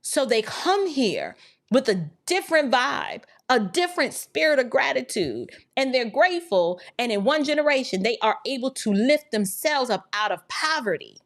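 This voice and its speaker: A woman's voice: sits high, very animated, measured pace. A woman hosting an opinion podcast, talking emphatically and preachily with rhetorical questions, and reading viewer chats. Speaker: podcast host.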